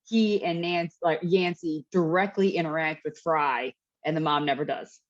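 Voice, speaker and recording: A low-pitched woman speaks at a moderate pace with fairly even intonation. As a podcast co-host in casual conversation, she rambles, restarting often and leaning on fillers, all in dull lo-fi sound.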